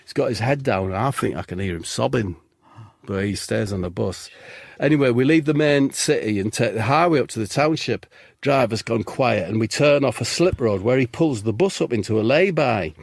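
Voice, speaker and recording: A man telling an absurd comic story in a deadpan, rambling way as a podcast co-host. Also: mid-range voice, moderate pace, vocal fry, no room sound, clean studio sound. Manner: deadpan rambling tall tale.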